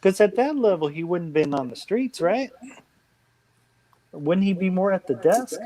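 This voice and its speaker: A man's voice: sits high, lively intonation, unhurried, mellow, rough recording. A man in casual conversation who often chimes in with short agreements. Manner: responsive, frequent short agreements. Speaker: conversation partner. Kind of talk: casual chat.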